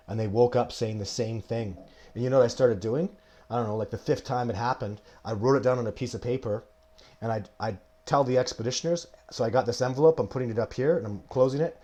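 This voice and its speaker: A man in his forties hosting a live show, answering viewer questions in an emphatic, rambling way and coughing now and then. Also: lowish voice. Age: 40s. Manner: rambling, emphatic, goes off on tangents. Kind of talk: live-stream casual talk.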